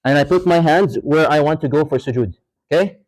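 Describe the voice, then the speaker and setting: Poor audio captures a brisk, somewhat high, slightly mellow male voice. In a mosque hall, this religious teacher runs a casual class with live demonstration, questioning students, repeating himself, and dropping in short Arabic recitations and phrases.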